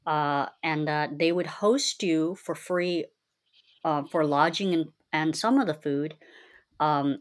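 A young woman with a somewhat low voice tells her own story in a loose, conversational way. She rambles and fills pauses with "um" and "like," and often slips into quoting what she said at the time. She sounds candid and unpolished. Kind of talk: casual personal storytelling.

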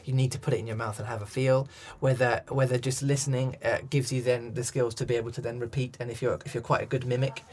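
A man's voice: mid-range voice, flat delivery, quick pace, hardly any pauses, darkish tone. Thoughtful man explaining work. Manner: thoughtful, rambling with restarts. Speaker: accent coach and director. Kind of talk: interview conversation.

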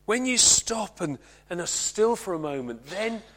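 A high-voiced man gives a Christmas sermon to his congregation. His delivery is earnest, and he often slows and drops to a hush to press a point home. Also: expressive. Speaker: preacher.

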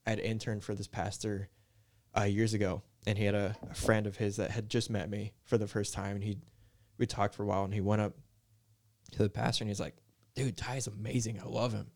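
A young man, a worship leader, talking in a soft, mellow, easygoing way in a casual podcast chat, with lots of "like" and "you know". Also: fairly low pitch, little pitch movement, a little fast. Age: young adult. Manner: soft-spoken, mellow, filler-heavy.

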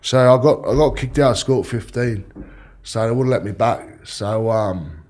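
A man's voice: mid-range voice, normal speed, a little mellow. A man with an Australian accent, a former rugby league player, telling rambling stories and swearing freely in casual chat.

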